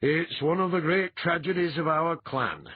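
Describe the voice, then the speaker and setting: A man's voice: on the high side, lively intonation, normal speed, breathy edge, narrow, tinny audio, voice pushed up. A man voicing a genial, courtly clan chief in an audiobook reading. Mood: reminiscing.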